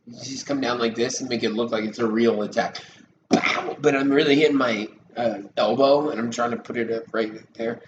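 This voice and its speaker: The audio is dull, and the room echoes under loud background noise. A man in his thirties speaks at a moderate pace in a steady, mid-range voice, rambling and cursing on his live stream with a sarcastic, loose attitude.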